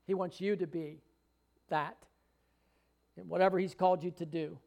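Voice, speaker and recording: A man's voice: high-pitched, fairly even intonation, moderate pace, creaky, a little mellow. A man preaching a sermon to a congregation, fervent and rising to emphatic readings of scripture. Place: church hall with congregation.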